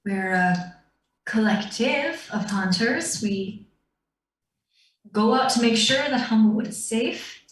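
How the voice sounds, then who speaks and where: A woman voicing a brisk female raptor bird-folk headhunter who runs a hunters' guild, businesslike and wry. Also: fairly high pitch. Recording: roomy, distant mic.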